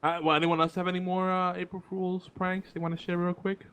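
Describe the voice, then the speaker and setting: A man's voice: sits high, level tone, fairly quick, a bit bright, smooth. Laid-back man hosting a podcast. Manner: laid-back, chatty, fillers and restarts. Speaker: podcast host. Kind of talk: casual show hosting.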